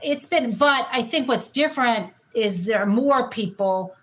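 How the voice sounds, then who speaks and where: A woman's voice: fairly high pitch, expressive, a little slow, a little hiss or hum. Earnest woman cutting into a panel. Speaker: panel guest. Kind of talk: political panel discussion.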